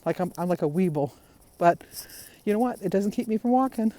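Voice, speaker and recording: A woman's voice: mid-range voice, lively intonation, brisk, mellow. A woman vlogger talking casually to her viewers in a rambling, chatty way. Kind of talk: casual vlog chat.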